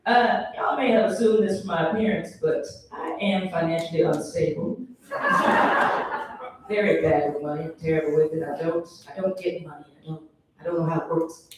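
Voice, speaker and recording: A man performing a stand-up set, breaking into shrill high mock voices when he quotes people. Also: fairly even intonation, moderate pace, noisy background. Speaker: stand-up comedian. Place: comedy venue stage. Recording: very echoey hall from a distance.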